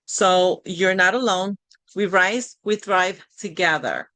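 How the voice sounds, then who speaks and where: A woman's voice: lowish voice, slow pace, a bit bright, no echo. A middle-aged woman hosting a live coaching session, talking in a conversational, encouraging way with frequent restarts. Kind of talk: live online workshop talk.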